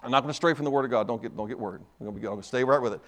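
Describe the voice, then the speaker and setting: A man's voice: mid-range voice, very fast, fairly bright tone. A man preaching a sermon in church, emphatic and repetitive, building his points in rising bursts.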